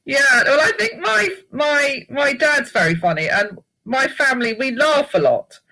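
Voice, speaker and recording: A woman guest chatting in an interview, telling lively stories and laughing often. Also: sits high, rough recording.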